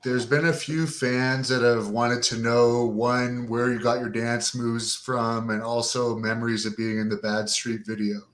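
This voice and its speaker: A man's voice: mid-range voice, little pitch movement, a little slow, few pauses, a bit bright. Man asking plain interview questions. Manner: brief, plain questions read from fan requests.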